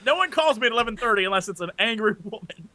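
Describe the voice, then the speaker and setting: A man co-hosting a podcast in casual chat, excitable and self-mocking, laughing often. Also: sits high, racing, no room sound. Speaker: podcast co-host.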